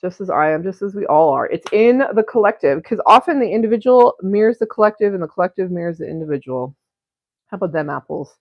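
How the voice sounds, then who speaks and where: A fast-talking woman with a lowish voice and lively intonation hosts a live painting stream from her home studio. Her casual chat wanders, full of giggles, profanity and frequent self-interruptions. The audio is close and dry with no echo, with a dull, lo-fi stream sound.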